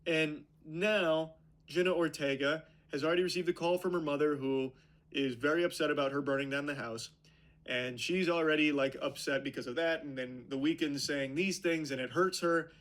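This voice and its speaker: A man with a somewhat high voice reviews a movie casually. He retells the plot in long, rambling runs, padded with "like" and other fillers. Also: steady tone, moderate pace, fairly bright tone.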